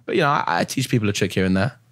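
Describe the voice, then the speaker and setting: A man's voice: on the low side, rapid-fire, fairly bright tone. A young British man, a magician guest on a podcast, chatting in an easygoing way, often adding "you know" and laughing. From Britain. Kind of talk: casual podcast chat.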